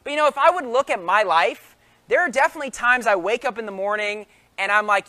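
A man's voice: high-pitched, fast talker, bright, forceful tone. A man preaching a sermon in an emphatic way, full of rhetorical questions.

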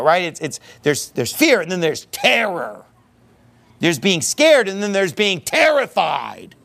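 A man preaching a sermon with a high voice. He is emphatic, posing rhetorical questions and answering them himself. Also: a bit bright.

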